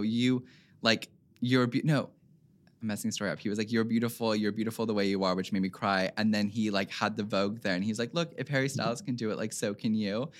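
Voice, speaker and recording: Young guy with a lowish voice, choked up, rambly, says like a lot. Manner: tearful, rambling, many "like" fillers. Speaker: guest, fashion designer. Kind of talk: emotional interview storytelling.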